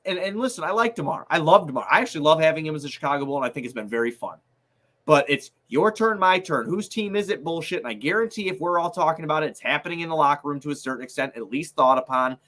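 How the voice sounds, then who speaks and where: A man's voice: fairly high pitch, expressive, quick pace, a bit bright. A young man co-hosting a sports podcast, ranting in a heated, profane, exasperated way. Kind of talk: heated casual chat.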